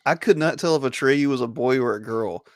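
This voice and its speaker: A man's voice: medium pitch, a little fast. A man co-hosting a casual podcast, chatty and joking. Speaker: podcast co-host. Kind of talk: casual chat.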